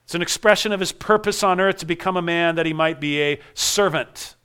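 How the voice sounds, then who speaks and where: A man's voice: a little high, a little fast, bright, forceful tone, smooth. A man preaching a sermon, earnest, repeating key phrases for emphasis. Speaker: pastor.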